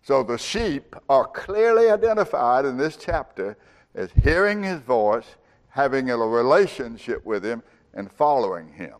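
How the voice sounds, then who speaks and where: A man preaching a sermon, slow and emphatic, his voice rising and swelling on key words. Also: medium pitch, sing-song. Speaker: pastor.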